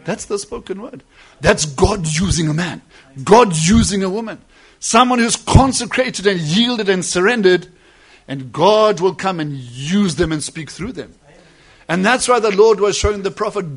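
Husky, high-voiced preacher man. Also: lively intonation. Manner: swings between soft asides and loud drawn-out emphasis. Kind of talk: sermon.

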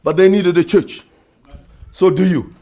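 Husky high-voiced shouting preacher man. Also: measured pace. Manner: emphatic, repeats phrases, calls out to brother and sister; swings from low asides to loud shouting. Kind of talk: sermon.

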